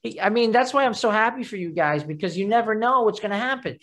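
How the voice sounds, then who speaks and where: An interviewer with a New York accent chats casually with a guest. The talk is halting and full of "uh" and "um" fillers. The voice sits at a middle pitch. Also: expressive, fairly bright tone.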